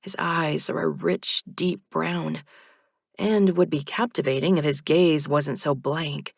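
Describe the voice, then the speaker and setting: Low, gravelly woman narrating an audiobook. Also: fairly even intonation, slow pace, no echo, clean studio sound. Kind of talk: first-person audiobook narration.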